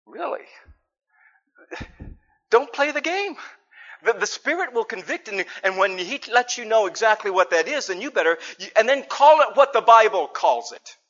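A man preaching a sermon, earnest, dropping to soft asides and rising to loud emphasis, sometimes acting out sheepish little examples. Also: high-pitched, animated, moderate pace. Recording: dull lo-fi sermon recording.

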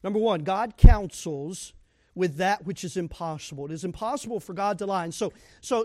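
A man with a high voice preaches a sermon, reading scripture aloud and putting questions to the congregation. He pushes into sudden loud emphasis, and the sound is dry and close. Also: normal speed, no room sound. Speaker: pastor.

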